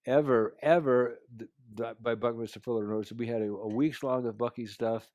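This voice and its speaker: Man, mid pitch, earnest storyteller delivering a life lesson, dry close sound. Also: no room sound. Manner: earnest storyteller, drops to a quiet voice for quotes. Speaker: speaker sharing life lessons. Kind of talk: anecdotal talk to camera.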